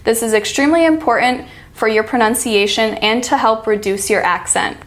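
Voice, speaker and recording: An American woman coaching pronunciation, saying each word slowly and clearly so it can be repeated. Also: fairly high pitch, over music. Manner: slow, demonstrating each sound. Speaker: accent coach. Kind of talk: pronunciation lesson.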